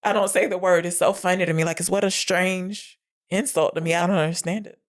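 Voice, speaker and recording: A woman co-hosting a podcast, retelling a film's scenes in a lively, casual way, laughing often and swearing freely. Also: fairly low pitch, a little fast. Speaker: podcast co-host. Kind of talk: casual movie recap chat.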